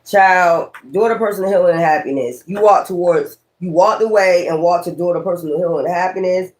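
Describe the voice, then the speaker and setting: A man's voice: sits high, brisk. A man doing a casual tarot reading, talking in a blunt, profane, rambling and preachy way. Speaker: tarot reader.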